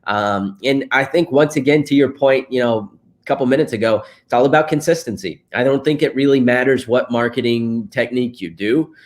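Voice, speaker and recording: A man's voice: mid-range voice, fairly quick. A married man, a guest in a casual interview, telling stories with frequent laughs and fillers. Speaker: interview guest, real estate investor.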